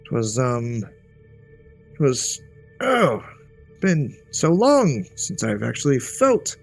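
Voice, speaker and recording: A man's voice: medium pitch, huge pitch swings, takes it slowly, vocal fry, soft background music, exaggerated voice. A man voicing a forgetful old male wizard who rambles cheerfully and loses his thread. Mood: chipper, rambling. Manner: rambling, chipper, absent-minded.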